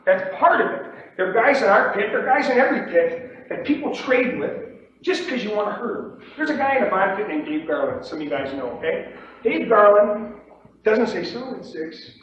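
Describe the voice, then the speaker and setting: A man teaching trading to a room of trainees, lively, acting out the shouts and voices of traders on the floor. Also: high voice, brisk. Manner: animated, acts out pit shouts and mimics other traders. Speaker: trading instructor. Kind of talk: lecture to trainees. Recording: distant echoey room, dull lo-fi tape with faint hiss.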